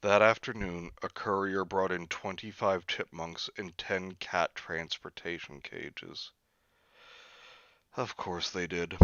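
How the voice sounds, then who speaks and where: A man's voice: sits low, pushed and bright, clean tone, no echo. A man reading a story aloud for comedy, with sarcastic asides, on a slightly dull lo-fi recording. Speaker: reader.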